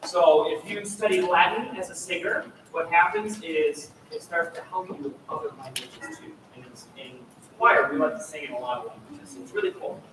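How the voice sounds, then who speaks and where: A man's voice: on the high side, animated, moderate pace, few pauses, noisy background. A man coaching a student choir through a rehearsal. He is encouraging and demonstrative, and he sings phrases to show how they should go. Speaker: choir clinician. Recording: echoey hall, mic far off.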